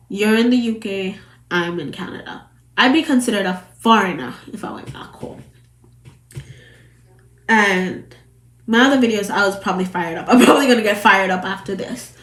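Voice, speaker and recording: A Jamaican woman talking casually to camera as a vlogger, chatty and rambling, circling back over her points. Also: medium pitch. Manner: chatty, rambling, repeats herself. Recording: roomy echo.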